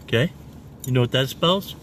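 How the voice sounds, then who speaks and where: A man preaching casually in a video, rambling and repeating "okay?" after each point and spelling words out slowly. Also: mid-range voice, a bit bright, a little hiss or hum. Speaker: self-made online preacher.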